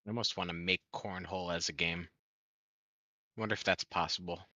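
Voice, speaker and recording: A man's voice: sits low, fairly even intonation, bright, forceful tone, dry recording. A man chatting casually with friends, upbeat and tossing out ideas. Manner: upbeat, quick to laugh and throw out ideas. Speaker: game server admin. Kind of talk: casual chat.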